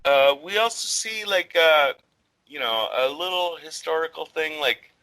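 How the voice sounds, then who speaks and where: A man's voice: on the high side, expressive, measured pace, pushed and bright, rough recording. A man co-hosting a podcast, talking in a rambling, casual way with lots of fillers and the odd swear word. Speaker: podcast co-host.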